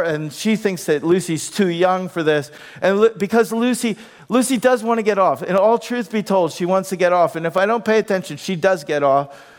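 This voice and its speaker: A middle-aged male pastor telling a comic story in a lively sermon. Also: sits high.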